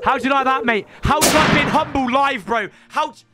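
A young man giving live commentary on his gameplay, excitable and often shouting and ranting at the game. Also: very high voice, brisk, loud music behind the voice. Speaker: gaming YouTuber.

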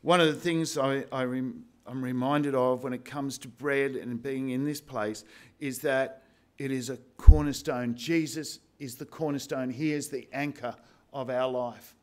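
A man preaching a sermon as pastor, slow and emphatic with repeated phrases. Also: medium pitch, steady tone. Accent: Australian.

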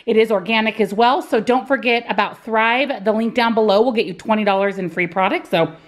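A woman's voice: a little high, a little fast. A woman in her thirties chatting casually to her viewers in an upbeat vlog, filming herself at home. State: out of breath after a workout. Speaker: lifestyle vlogger. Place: home garage and kitchen.

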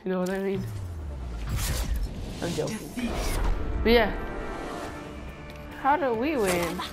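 A woman giving chatty, excitable commentary while playing a video game with friends. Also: medium pitch. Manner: excitable, chatty, quick to shriek. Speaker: gamer making a video with friends. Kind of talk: casual gameplay commentary. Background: game music.

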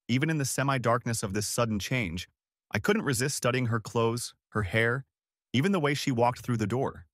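A man narrating a first-person dramatic audiobook story in a measured, expressive way. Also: lowish voice, no echo, clean studio sound.

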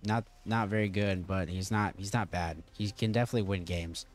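A man's voice: deep voice, fairly even intonation, brisk, few pauses, faint music behind. A man hosting a casual video game tutorial, rambling and stop-start with lots of fillers. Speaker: gaming channel host.

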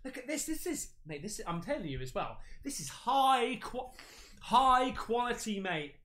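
A man hosting an excited unboxing chat, excitable, with loud exclamations, calling everyone mate. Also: very high-pitched, normal speed. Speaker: paranormal YouTuber.

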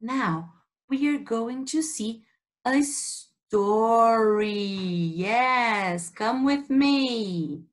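A woman English teacher with a Brazilian Portuguese accent, leading a children's story time and asking simple questions about animals and colors. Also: a little high. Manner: slow, exaggerated sing-song questioning for kids.

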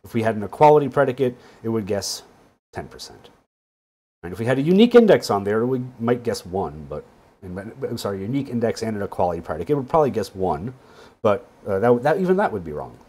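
Lively casual man teaching databases. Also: fairly low pitch, quick pace, breathy edge. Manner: casual and wry, with a frequent "right?". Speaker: database instructor. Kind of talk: screen-share teaching walkthrough.

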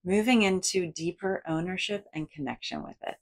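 A woman's voice: lowish voice, moderate pace, hardly any pauses. A woman psychologist giving a guided psychoeducation lesson, acting out inner thoughts with big, playful inflections. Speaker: psychologist and educator.

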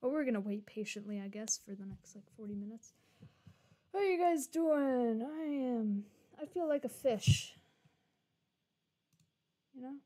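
A young woman streams a game live, chatting, joking and swearing casually to her viewers as she plays. Her voice is a little high and warm, at a moderate pace.

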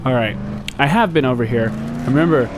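A young man commentating his gameplay, jumpy and talking back at the game, yelping and shouting at times. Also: medium pitch, a little fast. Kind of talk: let's play commentary. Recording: noisy game audio underneath.

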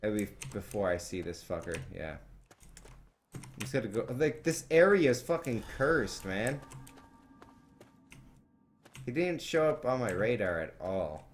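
A young man streaming a video game live, talking to viewers and cursing loudly at enemies as he plays. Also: lowish voice, sing-song, measured pace, pauses often, faint music behind. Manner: frustrated, swearing, yelling in bursts at the game. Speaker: let's play streamer. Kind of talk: live gameplay commentary.

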